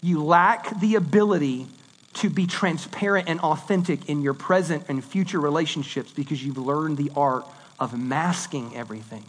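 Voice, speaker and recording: A man preaching a sermon in a conversational, animated way, swinging between loud and hushed delivery. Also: a little high, moderate pace, breathy edge. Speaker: pastor.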